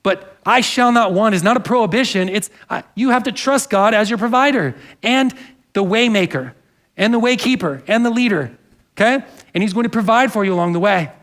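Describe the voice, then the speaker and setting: Pastor, male, high-pitched; earnest conversational sermon with congregation asides. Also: lively intonation, a little fast, a bit bright. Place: church sanctuary.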